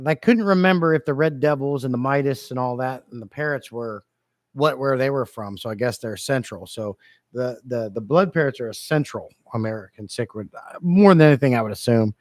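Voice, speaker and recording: A man chatting casually on a fish-keeping livestream, reading comments and joking around, a bit low on energy. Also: moderate pace, dry recording, studio quality. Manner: playful, rambling, jokey with chat. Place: home fish room.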